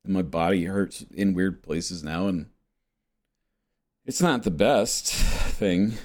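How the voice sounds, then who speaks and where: A man's voice: sits low, slow, darkish tone. A man hosting a podcast in a rambling casual monologue, meandering and swearing with self-mocking chuckles. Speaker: podcast host.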